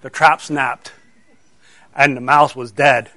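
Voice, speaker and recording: A man's voice: medium pitch, fairly even intonation, slow pace, sharp tone, no echo. A middle-aged man, a pastor telling a story to children and asking them questions as he goes. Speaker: pastor giving a children's sermon.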